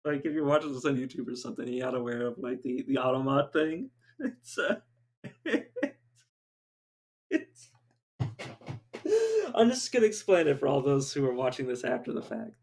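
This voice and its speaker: A man's voice: medium pitch, normal speed, pauses often, darkish tone. A young man streaming a video game live, chatting to viewers and dissolving into helpless laughter. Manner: giggly, breaks into helpless laughter.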